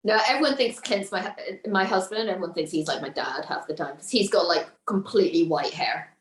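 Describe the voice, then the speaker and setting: A woman, a violinist and violin teacher, telling lively stories with frequent laughter as a podcast guest. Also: fairly low pitch, a little fast, distant mic, slight background noise. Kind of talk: casual chat. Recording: roomy echo.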